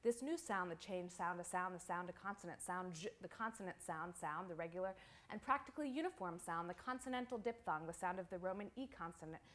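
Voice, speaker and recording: A woman poet giving a live poetry reading in a small venue, reciting in a measured, incantatory, list-like way. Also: fairly low pitch, lively intonation, a bit bright.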